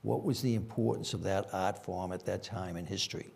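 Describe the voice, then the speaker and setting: A man's voice: low-pitched, a little fast, vocal fry, a little mellow, husky. An older man with a Boston accent, a former police chief telling rambling anecdotes with frequent fillers at a conference panel.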